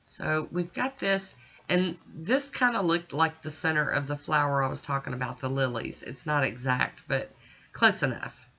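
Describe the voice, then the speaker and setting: Chatty woman with a bright, lo-fi voice. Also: sits low, moderate pace. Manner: chatty, folksy, talks to viewers while working. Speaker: nail art vlogger. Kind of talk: casual tutorial voice-over. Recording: dull lo-fi recording.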